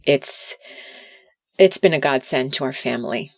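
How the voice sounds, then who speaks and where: A woman's voice: very deep voice, a little slow, no echo, clean studio sound. A middle-aged woman talking earnestly as a podcast guest, sometimes repeating words as she restarts. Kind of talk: casual interview talk.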